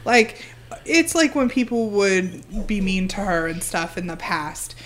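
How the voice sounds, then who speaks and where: A woman's voice: mid-range voice, expressive, measured pace, slight background noise. A woman co-hosting a podcast in casual chat, hedging her opinions and laughing often. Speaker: podcast co-host.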